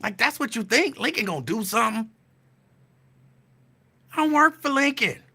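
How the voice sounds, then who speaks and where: A man's voice: very high-pitched, lively intonation, normal speed, sharp tone, slightly rough. A man hosting his own podcast, teasing and calling someone out in a profane, repetitive casual rant. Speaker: podcast host.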